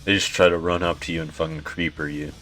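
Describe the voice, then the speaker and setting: A man's voice: a bass voice, flat delivery, quick pace, a bit bright, faint music behind. A young man giving laid-back gameplay commentary, swearing often, chuckling and sounding tired. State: yawning, tired. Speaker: gaming YouTuber.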